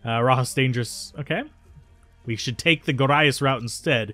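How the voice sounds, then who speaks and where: A man's voice: medium pitch, moderate pace, bright, forceful tone, no echo, faint music behind, close to an everyday voice. A man reading the lines of a young male slave guard in a video game, deferential and eager. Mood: humble.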